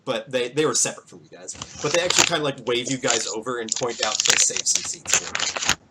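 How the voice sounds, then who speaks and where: A man's voice: mid-range voice, expressive, a little fast, very noisy. A man narrating a tabletop game as game master, in a loose, rambling way with lots of fillers.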